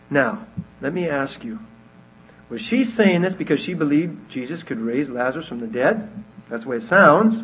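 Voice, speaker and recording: Husky man teaching from the Bible. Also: medium pitch, animated, normal speed, long pauses. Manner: conversational, asks listeners questions. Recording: dull lo-fi recording.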